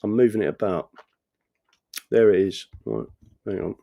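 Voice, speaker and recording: A man's voice: sits low, animated, moderate pace, creaky, no room sound, narrow, tinny audio. A middle-aged man hosting a casual livestream, rambling and swearing as he chats to viewers and reads their comments. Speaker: livestream host reading chat.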